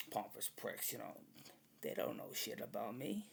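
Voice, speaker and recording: A man with a gravelly voice rambles through a casual monologue. He is blunt and swaggering, and he swears freely. A faint hum sits under his voice. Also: mid-range voice, very animated, moderate pace.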